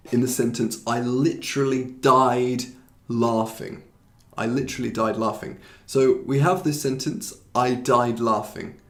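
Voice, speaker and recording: Fast-talking, gravelly teacher. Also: male voice, mid-range voice, roomy sound. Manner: explains with repeated examples, switching between English and Korean. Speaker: English teacher. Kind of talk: live-streamed language lesson.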